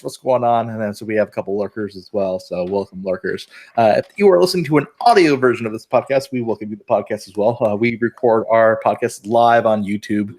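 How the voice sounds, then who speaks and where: Rambling low-voiced podcast host. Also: male voice. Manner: rambling, repeats words and restarts. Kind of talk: casual live-streamed podcast chat.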